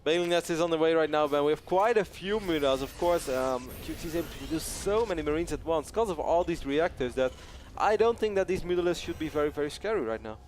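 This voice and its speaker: A man's voice: a little high, animated, fast talker, hardly any pauses, a little mellow. A man casting a live esports match, upbeat and jokey, laughing often between play-by-play calls. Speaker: esports caster. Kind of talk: play-by-play game commentary.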